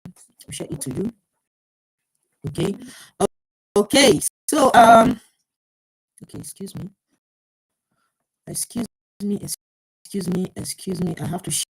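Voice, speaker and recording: A woman's voice: lowish voice, normal speed, creaky, pauses often, dark tone, husky, no echo, poor audio. A woman hosting a live-streamed call-in program on relationships, repeating herself while handling viewers' requests. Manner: repetitive, stops to handle viewers' sharing requests. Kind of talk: live-streamed talk show. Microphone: live stream mic, checking volume.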